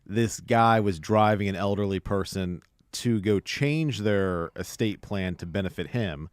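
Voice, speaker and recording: A man appearing as an attorney guest on a talk show, explaining legal points in a measured way. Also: lowish voice, no room sound, clean studio sound. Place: radio studio.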